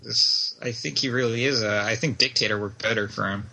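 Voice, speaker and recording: A man co-hosting a casual podcast about video games, animated and swearing freely as he laughs along. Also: medium pitch, a little fast, gravelly. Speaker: podcast co-host.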